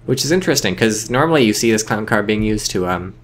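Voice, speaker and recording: A man with a fairly low voice commentates a strategy match in a loose, chatty way, rambling through the play and tossing in jokes. A faint hiss of noise sits under his voice. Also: animated, fast. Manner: chatty, rambling, joking asides. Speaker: game caster. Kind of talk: casual game commentary.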